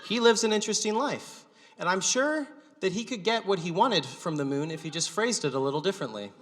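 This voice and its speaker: A man's voice: high-pitched, a little fast. Wry male comic in an echoey hall. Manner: deadpan, wry storytelling. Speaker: stand-up comedian and show host. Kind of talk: live stand-up storytelling. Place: gallery venue with live audience. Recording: echoey gallery hall, long reverb.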